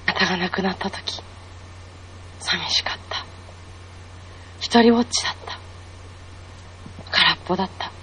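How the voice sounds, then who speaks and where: A woman playing a grieving young unmarried woman in a devotional monologue, speaking in a hushed, tearful, questioning way. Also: mid-range voice, very fast, pauses often, a little hiss or hum, natural voice, low-quality recording. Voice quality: breathy, often whispered.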